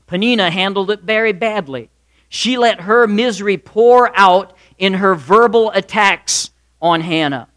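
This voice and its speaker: A man preaching a sermon, acting out characters in quick asides and swinging from loud to soft. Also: high voice. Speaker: pastor.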